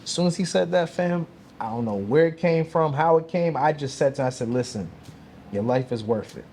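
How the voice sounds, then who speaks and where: A man telling a story in a relaxed conversation, acting out other people's voices as he goes. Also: a little high, a little fast, a little hiss or hum. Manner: animated, acts out voices in stories. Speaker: guest speaker. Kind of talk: casual storytelling.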